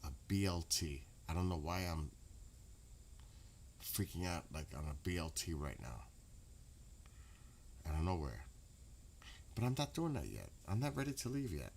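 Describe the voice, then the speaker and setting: Deep-voiced New man chatting casually. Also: very animated, normal speed, gravelly, pauses often, a little hiss or hum. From New York. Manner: rambling, profane, laughs loudly. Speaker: streamer. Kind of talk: casual late-night stream chat.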